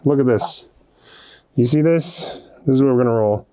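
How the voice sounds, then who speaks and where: Shop-owner vlogger, male, smooth clear voice, loose and jokey, swears, pitch leaps up when excited. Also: normal speed. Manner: animated, joking, swears casually, laughs often, big pitch jumps. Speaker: card shop owner and channel host. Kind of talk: casual rambling vlog update.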